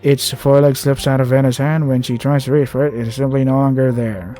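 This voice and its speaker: A man reads out a visual novel and breaks in with sarcastic, swearing remarks. His voice is mellow and dark, sitting at a middle pitch. Faint game music plays behind him. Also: flat delivery, a little fast, few pauses. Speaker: gamer playing a visual novel. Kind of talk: game reading with commentary.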